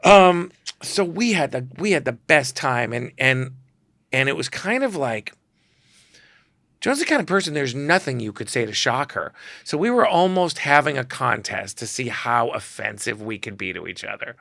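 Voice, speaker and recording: A man, a photographer and guest, telling lively, self-deprecating stories on a podcast. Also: medium pitch, moderate pace, creaky, no room sound, studio quality. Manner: animated, self-deprecating anecdotes. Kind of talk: storytelling on a podcast.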